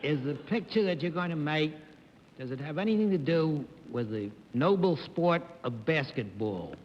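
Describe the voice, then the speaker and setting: A man's voice: a little high, animated, moderate pace. A man on a television quiz panel, asking questions with a dry, wry manner. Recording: lo-fi 1950s broadcast with faint hiss.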